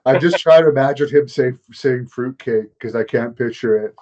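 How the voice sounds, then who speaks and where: A man hosting a casual interview, chatting in a relaxed, conversational way. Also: medium pitch, moderate pace, lo-fi sound, slight background noise. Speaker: interviewer host.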